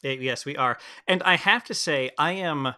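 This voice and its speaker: A man co-hosting a casual podcast, his voice bright and forceful. He jokes along and hesitates a lot, full of fillers and restarts. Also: fairly high pitch, moderate pace, smooth. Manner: joking, hesitant with many fillers. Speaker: podcast co-host. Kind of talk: casual chat.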